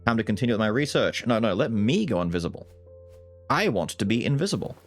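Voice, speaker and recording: Gaming YouTuber man, lowish voice, very animated, casual and sweary. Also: quick pace, soft background music. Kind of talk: casual let's-play commentary.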